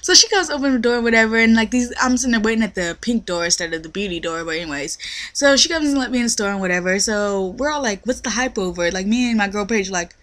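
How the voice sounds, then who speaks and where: A young woman with a lively, slangy, profane storytelling manner, acting out quotes as she rants in a casual vlog. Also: mid-range voice, fast talker. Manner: animated storytelling, acts out quotes. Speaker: retail worker.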